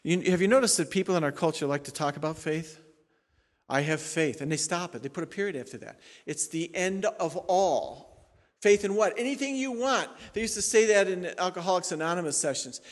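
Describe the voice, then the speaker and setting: Man, pastor, preaching, emphatic, loud and quiet swings, fairly high-pitched, reverberant hall. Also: animated, fairly quick. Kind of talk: sermon.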